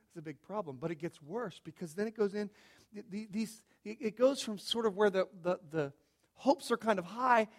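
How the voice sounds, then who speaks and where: A preacher with a high voice for a man delivers a sermon in an emphatic way. He drops to near-hushed statements, then builds back up with repeated phrases and loud emphasis. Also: lively intonation, fairly quick. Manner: emphatic, swings from hushed to loud with rhetorical repetition.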